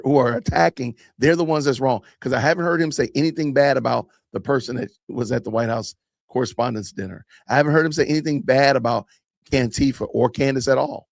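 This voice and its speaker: A podcast host reacting to a clip, emphatic and sarcastic, repeating phrases for effect. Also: male voice, medium pitch, no room sound, clean studio sound. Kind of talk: reaction commentary.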